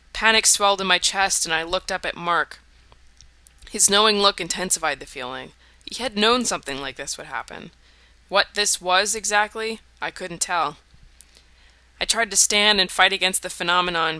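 Brief: wry first-person audiobook narrator, crisp bright voice, dry close recording. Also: mid-range voice, no room sound.

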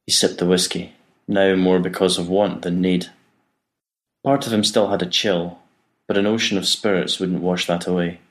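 A man narrating an audiobook in an even, measured reading. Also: low voice.

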